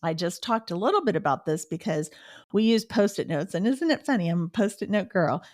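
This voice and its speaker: A woman's voice: medium pitch, lively intonation, brisk, no room sound, clean studio sound. A middle-aged woman hosting a podcast, giving advice and telling personal stories earnestly. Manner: earnest storytelling, with the odd laugh. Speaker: podcast host.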